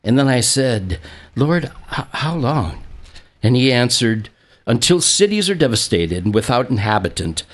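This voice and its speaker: A man preaching a sermon, reading scripture and retelling it in an animated way, with frequent restarts and small chuckles. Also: a little slow. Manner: animated, acts out quotes with a jumping pitch; stammering restarts, chuckles now and then. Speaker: pastor.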